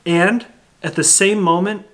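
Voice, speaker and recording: Brief: male priest, informal sermon to teens, speaks right to the listener, slightly raised pitch. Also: steady tone, unhurried, a bit bright. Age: adult. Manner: earnest, direct address to listeners.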